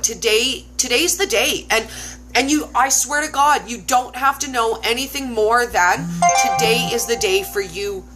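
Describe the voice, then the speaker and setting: A woman's voice: a little high, fairly bright tone, slight background noise, low-quality recording. A woman hosting a casual, heartfelt chat, effusive and emphatic, often repeating her words and close to tears. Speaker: host.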